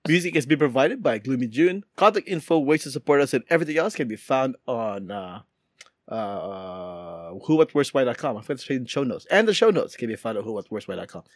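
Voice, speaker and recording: With big swings in his medium-pitched voice, this male podcast co-host talks briskly, his casual chat meandering through fillers and false starts. The studio-quality recording is dry.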